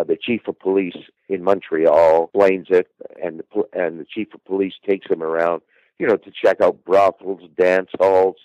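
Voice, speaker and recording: A man's voice: low voice, dry recording, lo-fi sound. A man telling the story of an old murder as a podcast guest, rambling with fillers and restarts. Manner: rambling, repeats words and restarts, many uh fillers. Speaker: guest true-crime researcher.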